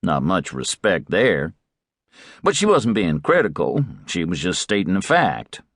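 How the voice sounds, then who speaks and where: A man's voice: deep voice, wildly swooping pitch, measured pace, a bit bright, dry recording, studio quality. A man reading a first-person audiobook in a wry, laid-back way. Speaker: audiobook narrator.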